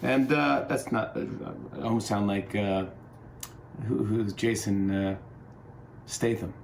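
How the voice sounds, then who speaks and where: A man's voice: on the low side, takes it slowly, vocal fry, pauses often, a little hiss or hum. A middle-aged man hosting a talk show from home, delivering a joking comedy monologue with an upbeat, rambling manner.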